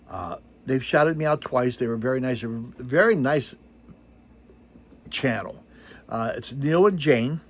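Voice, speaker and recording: Older man, husky voice, casual rambling chat, self-deprecating, lots of uh fillers, mid-pitched. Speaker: vinyl record channel host. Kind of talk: casual chat to camera about records.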